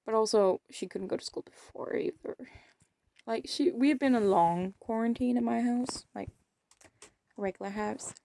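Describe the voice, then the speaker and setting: Her voice runs on the high side, mellow and touched with vocal fry, at a moderate pace over slight background noise. The young woman, eighteen, vlogs casually as she plays a game, rambling, poking fun at herself, and often mumbling off mid-thought.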